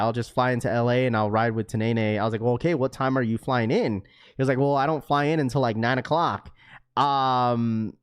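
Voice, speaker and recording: Animated man telling a story on a livestream. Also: fairly high pitch. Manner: animated, laughs a lot, swears, says bro constantly. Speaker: livestream host. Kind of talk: casual storytelling to live chat.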